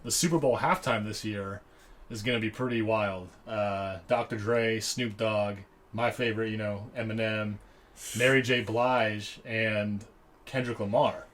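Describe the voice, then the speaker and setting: A man's voice: on the low side, steady tone, measured pace, a bit bright. A man co-hosting a podcast in easygoing casual chat, often trailing off into fillers and repeated words. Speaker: podcast co-host.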